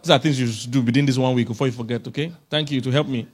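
A man gives a lively, joking talk as a relationship expert. He pleads with his listeners and laughs between points, in an ordinary mid-range male voice. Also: medium pitch, very fast, soft background music. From Africa. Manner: jokey, coaxing the audience, chuckles often. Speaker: relationship expert speaking at a conference. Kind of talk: humorous motivational talk to an audience.

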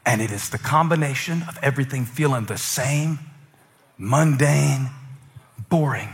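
A middle-aged man preaching a sermon in an animated way, acting out voices and swinging from loud outbursts to hushed lines. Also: mid-range voice, measured pace, long reverb tail. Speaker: pastor.

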